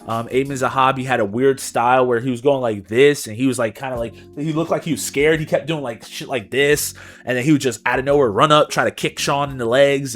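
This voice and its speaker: A man's voice: mid-range voice, a bit bright. A young man co-hosting a podcast, recapping fights in casual, slangy chat and adding his own punch sound effects. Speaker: podcast co-host.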